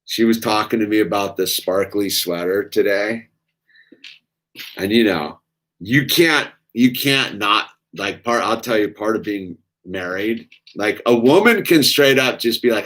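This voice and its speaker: A man's voice: lowish voice, slow pace, a bit bright. A middle-aged man, chatting casually and rambling while building Legos, saying "dude" a lot. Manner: laid-back, rambling, says "dude" a lot. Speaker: vlogger.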